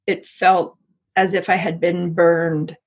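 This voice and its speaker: Interview guest: middle-aged woman, husky and gravelly, halting personal account. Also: lowish voice, level tone. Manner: halting, many restarts and repeats. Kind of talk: personal story in conversation.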